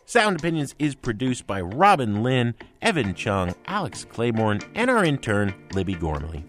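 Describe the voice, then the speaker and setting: A man's voice: mid-range voice, sing-song, normal speed, fairly bright tone, faint music behind. Emphatic, sarcastic male radio critic. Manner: emphatic and sarcastic, with sweeping swings of inflection. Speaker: radio show co-host, music critic. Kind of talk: opinionated review talk. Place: radio studio. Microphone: close studio mic.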